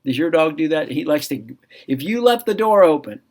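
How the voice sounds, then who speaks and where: A man with a somewhat high voice talks through a children's Bible lesson in a relaxed, chatty way. He keeps turning to his listeners with questions. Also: normal speed. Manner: conversational, asks listeners questions.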